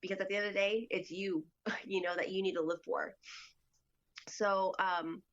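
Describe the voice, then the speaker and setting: A woman's voice: mid-range voice, steady tone, moderate pace, fairly bright tone. Chatty woman telling a story, dull audio. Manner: chatty, acts out quoted dialogue with lots of fillers. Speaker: podcast guest. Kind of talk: casual storytelling.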